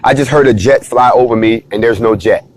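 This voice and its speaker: A man hosting a casual, animated monologue, playfully talking straight to his viewers. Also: mid-range voice, brisk. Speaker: host of a talk stream.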